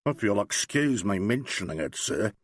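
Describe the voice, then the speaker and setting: A man's voice: fairly low pitch, expressive, normal speed, no room sound, studio quality. A man doing an eager young New sergeant. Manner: chatty, admiring, slangy storytelling.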